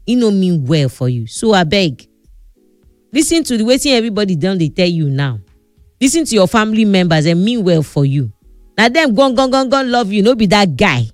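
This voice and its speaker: A woman's voice: medium pitch, sing-song, a little fast, no echo, clean studio sound, soft background music. A woman with a Nigerian Pidgin accent giving blunt relationship advice, scolding and repeating herself for stress. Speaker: advice vlogger. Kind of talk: casual advice talk.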